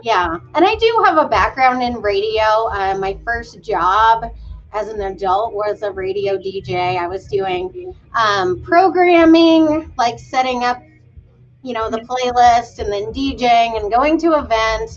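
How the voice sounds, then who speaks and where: A woman's voice: on the high side, lively intonation, a little slow, faint music behind. A woman in her thirties from Maine, a fitness coach chatting about herself in a bubbly, self-deprecating way. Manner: bubbly, self-deprecating, puts on silly voices in quotes. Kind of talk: casual interview chat. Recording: dull lo-fi sound.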